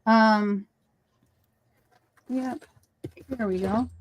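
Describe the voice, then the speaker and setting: A woman hosts a casual crafting livestream, chatting and telling stories as she works. Her voice is fairly high and steady, and she speaks very slowly. The recording quality is rough.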